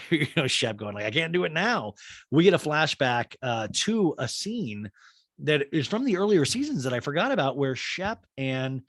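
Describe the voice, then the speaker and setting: A man hosting a casual comedic recap, talking in an animated, mocking way. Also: medium pitch, normal speed, dry recording, clean studio sound. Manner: animated, mocking, slips into exaggerated voices for quotes. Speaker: podcast host recapping a reality show.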